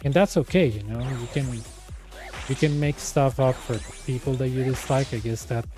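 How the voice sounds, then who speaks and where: A man's voice: mid-range voice, normal speed, music in the background. A man whose first language is Spanish, chatting casually as a streamer and animatedly retelling an argument in back-and-forth quotes. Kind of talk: casual chat.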